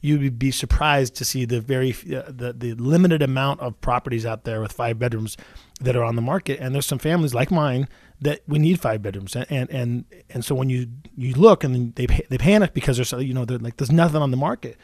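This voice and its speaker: A man in his forties hosting a radio talk show as a real estate agent, talking quickly with many restarts and repeated words. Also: mid-range voice, darkish tone, dry recording, studio quality. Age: 40s.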